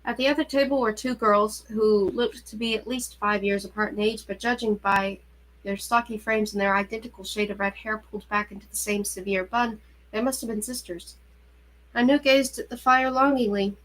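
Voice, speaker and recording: A woman reading a novel aloud in a steady, even narrating voice. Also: mid-range voice, normal speed, poor audio. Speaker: reader. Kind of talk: audiobook-style novel reading.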